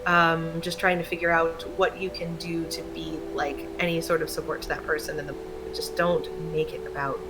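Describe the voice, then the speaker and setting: A woman's voice: sits low, level tone, a little fast, few pauses, loud music behind the voice, rough recording. A woman talking candidly in a casual chat, rambling and laughing often. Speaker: stream co-host.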